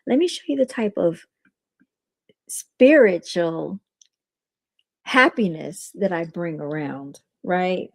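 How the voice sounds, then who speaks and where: A woman's voice: on the low side, lively intonation, slow, gravelly, pauses often, no echo. A woman, a realtor, hosting a casual livestream, talking to her viewers as "y'all" and retelling conversations by acting out the other people's lines.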